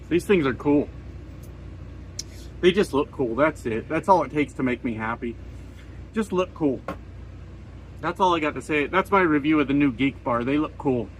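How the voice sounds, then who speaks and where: A man in his forties grumbles and swears to his camera from a truck cab, sarcastic and fed up. His voice sits a little high for a man. A faint hum of vehicle noise runs underneath. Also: a bit bright, low-quality recording. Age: 40s. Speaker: trucker vlogger. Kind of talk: casual vlog rant. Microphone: camera set up in front of him.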